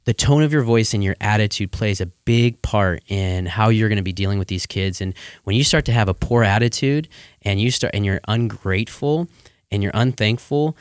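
A man speaking as a guest in a casual chat, earnest and relaxed, with many "you know" fillers. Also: lowish voice, normal speed, smooth, no room sound, studio quality.

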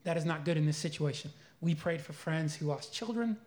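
A man's voice: fairly high pitch, fairly quick, few pauses, a little mellow. A man answering faith questions at a live church Q&A in an earnest, reflective way. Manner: earnest, reflective, grows emotional.

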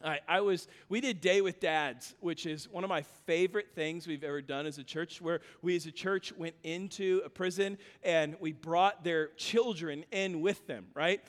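A man with a high voice preaches a sermon, moving from stumbling storytelling into rising, insistent calls that repeat each phrase. The sound rings with the long reverb of a church hall. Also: moderate pace, few pauses. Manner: builds from storytelling to loud, urgent exhortation with repeated phrases; frequent stammered restarts. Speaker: pastor.

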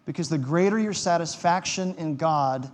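A man's voice: fairly high pitch, moderate pace. A man preaching a sermon as pastor, conversational and emphatic, with wry quips. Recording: long hall reverb.

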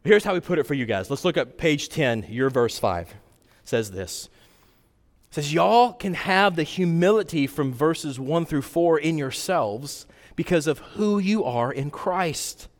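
Male pastor, earnest sermon delivery, a little high, long hall reverb. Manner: earnest, swings from loud emphasis to hushed intensity.

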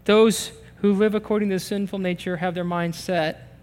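A higher-voiced man preaches in a church, his voice ringing with long reverb through the room. He tells stories with animation and acts out small back-and-forth conversations as he goes. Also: normal speed. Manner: animated storytelling, acting out little dialogues. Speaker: pastor. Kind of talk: sermon. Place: church sanctuary.

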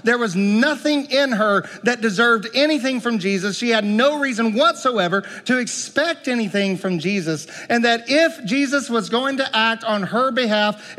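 Pastor, man, high-pitched, animated preaching that swings from loud pleading to quiet asides, reverberant church. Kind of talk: sermon.

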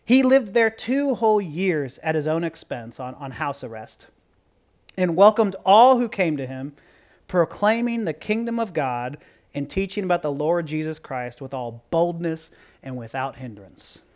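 A pastor giving a casual, joking sermon, moving from quiet asides to loud outbursts. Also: medium pitch, expressive, unhurried.

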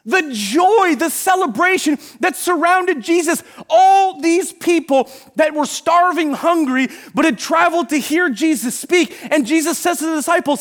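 High-voiced animated man preaching. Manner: animated, acts out Bible scenes with shouting. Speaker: pastor. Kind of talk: sermon.

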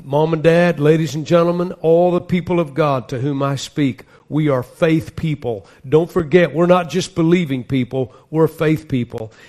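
A pastor delivers a sermon in an earnest, emphatic way, leaning into scripture as he reads it aloud. His voice sits somewhat high for a man. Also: moderate pace, few pauses, darkish tone.

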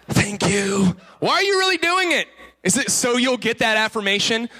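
A male pastor delivering an animated sermon in church. His voice sits high and rings bright and forceful. He slips in quick playful impressions of the people he describes. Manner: animated preaching, acting out quoted voices.

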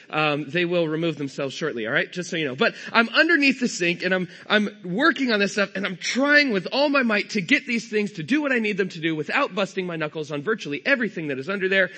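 A man's voice: high-pitched, bright, forceful tone. A man in his thirties from California preaching a sermon, telling a humorous self-deprecating family story. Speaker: pastor.

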